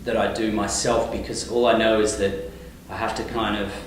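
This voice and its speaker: A man with an Australian accent, a touring singer-songwriter, chatting in a relaxed, rambling way with many fillers. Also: on the low side, moderate pace, a little hiss or hum. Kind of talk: casual interview. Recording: echoey room, mic at a distance.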